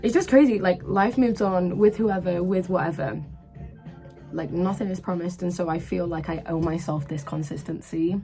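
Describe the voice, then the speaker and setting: Twenty-year-old English woman vlogging from her room; slightly low voice, chatty and excitable, light music bed. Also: normal speed, rough recording. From England. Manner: animated, breathless retelling with lots of "like" and "literally". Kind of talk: casual storytelling to camera. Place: her own room at university.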